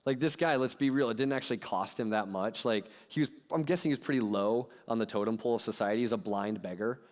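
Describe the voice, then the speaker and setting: A man pastor giving a conversational sermon, retelling a story in a casual, animated way with lots of "like.". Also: mid-range voice, quick pace. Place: church sanctuary. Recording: long hall reverb in a church.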